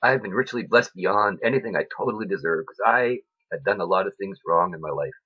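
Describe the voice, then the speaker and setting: A man talking to his viewers about faith in a rambling, preachy way, keeps asking "right?", and his voice swings between loud and soft with emotion. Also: low voice, a little fast, husky, dull audio. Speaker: vlogger. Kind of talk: rambling faith talk to camera.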